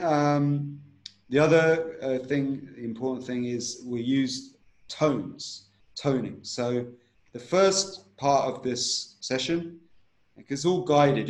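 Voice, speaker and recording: A man's voice: medium pitch, echoey room. A man teaching a breathing technique in an interview, instructive and repetitive, often checking in with "right?".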